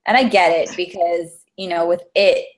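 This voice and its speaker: A woman's voice: on the low side, flat delivery, normal speed. A woman co-hosting a podcast, welcoming a guest and chatting in a rambling way. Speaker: podcast co-host. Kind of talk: casual chat.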